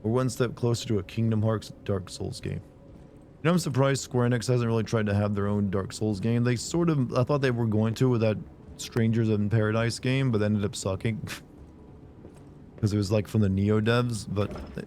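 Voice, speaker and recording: A man with a hoarse, sick voice giving rambling, jokey commentary while streaming a game and chatting with viewers. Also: lowish voice, fairly even intonation, normal speed, darkish tone, slight background noise. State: hoarse from a sore throat. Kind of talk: casual gameplay commentary.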